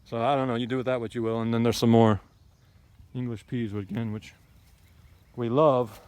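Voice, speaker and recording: A man's voice: mid-range voice, level tone, normal speed, a little mellow, clean tone, dry recording. A man giving a casual, rambling tour of his garden outdoors. He is blunt and opinionated and fills his talk with ums and asides. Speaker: homesteading vlogger.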